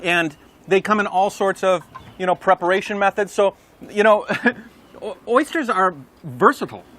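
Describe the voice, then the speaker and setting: Male co-host, bright tense voice, jokey casual chat, live outdoors. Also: sits high, expressive, normal speed. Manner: jokey, laughs often. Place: outdoors at an oyster farm.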